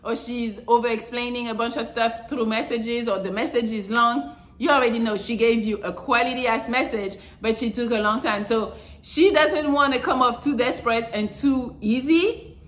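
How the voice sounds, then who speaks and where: A woman's voice: a little high, moderate pace. Blunt, foul-mouthed woman giving dating advice. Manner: blunt and profane, acts out quoted voices. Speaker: relationship advice vlogger. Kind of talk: casual advice monologue.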